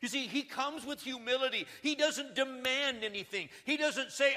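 High, ringing male pastor voice, dramatic shifts from loud to hushed, church-hall reverb. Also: moderate pace, few pauses, some chatter behind. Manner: dramatic swings between loud urgency and hushed emphasis. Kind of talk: sermon. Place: church sanctuary.

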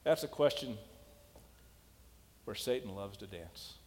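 A man's voice: on the low side, expressive, slow pace, a little mellow. Emphatic male preacher in a reverberant hall. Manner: emphatic, questioning, storytelling. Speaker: pastor. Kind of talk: sermon.

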